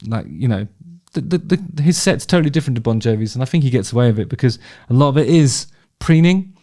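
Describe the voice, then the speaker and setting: This man's medium-pitched voice is warm and expressive, and he talks fast while watching concert footage. Laid-back and opinionated, he swears freely, restarts his sentences frequently and laughs along in a chatty manner.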